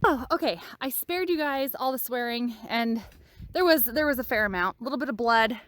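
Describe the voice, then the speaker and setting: A woman's voice: a little high, fairly quick, a bit bright. A woman on her farm, venting frustration in a casual vlog while out of breath from hard work outdoors. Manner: exasperated, venting. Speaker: farm vlogger.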